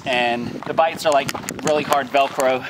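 A man's voice: mid-range voice, steady tone, moderate pace, background noise. A man filming a casual farm vlog outdoors, chatting in a laid-back way while handling a snake. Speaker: farm vlogger.

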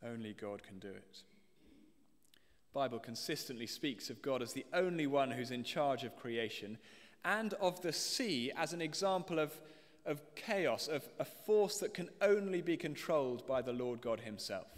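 A man's voice: medium pitch, lively intonation, normal speed. A British man preaching a sermon, explaining a passage and reading scripture aloud to the congregation. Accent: British English. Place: church. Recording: long church reverb.

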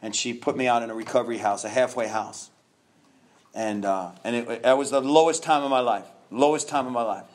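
A man from Miami telling his recovery story at a conference, animated and self-mocking, with many restarts. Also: mid-range voice, a little fast. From Miami, Florida. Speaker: recovery speaker. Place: conference hall.

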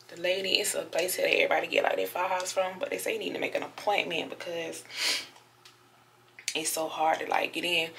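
Woman vlogger, sore after surgery, low pitch, gravelly edge, chatty talk to camera. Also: sharp tone, a little hiss or hum. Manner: chatty, talks straight to viewers as y'all. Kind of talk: casual vlog talk to camera. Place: hotel room, indoors.

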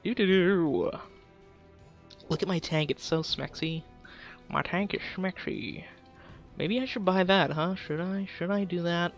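A man's voice: high-pitched, moderate pace, vocal fry, fairly bright tone, soft background music. A young man casually commenting on his game livestream, goofing around with silly trash talk and laughing at his own jokes. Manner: goofy, self-amused trash talk. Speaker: gaming livestreamer.

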